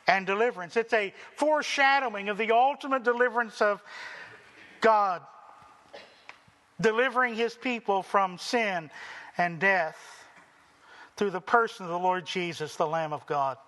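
A man preaching a sermon slowly and deliberately, acting out the people's voices in dramatic quotes. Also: high voice, sharp tone, big-room sound. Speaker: pastor.

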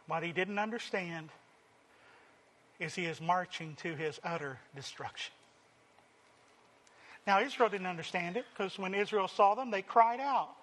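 A man preaching a sermon, acting out the quoted lines and swinging from loud emphasis to hushed, drawn-out phrases. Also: high-pitched.

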